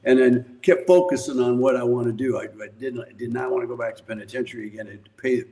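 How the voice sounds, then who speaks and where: Older male guest, mid-pitch, rambling profane storyteller who laughs a lot. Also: fast talker, dark tone, a little hiss or hum, low-quality recording. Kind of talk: casual storytelling.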